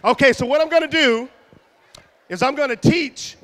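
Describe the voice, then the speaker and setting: A man from Houston entertaining a middle school assembly, teasing and calling out loudly to the kids. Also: very high-pitched, moderate pace. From Houston, Texas. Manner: loud, teasing, calls out to the audience. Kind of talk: joking live show banter with a crowd. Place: middle school gym or auditorium.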